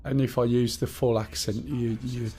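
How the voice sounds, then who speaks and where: A man's voice: medium pitch, level tone, normal speed, mellow, slight background noise. A man with a Black Country accent chatting casually and rambling to himself while he streams a game. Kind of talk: casual live-stream gaming chat.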